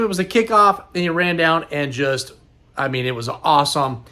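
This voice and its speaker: A man's voice: a little high, animated, normal speed, pushed and bright. A middle-aged man hosting a casual vlog, upbeat and rambling, sounding tired and a little worn. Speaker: host.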